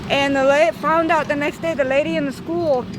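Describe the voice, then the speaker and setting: High-voiced woman telling a story. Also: moderate pace, background noise. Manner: animated, swears freely, acts out quoted voices. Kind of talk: casual storytime.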